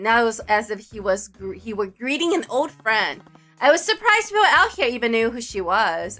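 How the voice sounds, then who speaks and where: A woman streamer narrating a visual novel with playful, jokey, excitable asides. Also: fairly high pitch. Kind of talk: playful game commentary and narration.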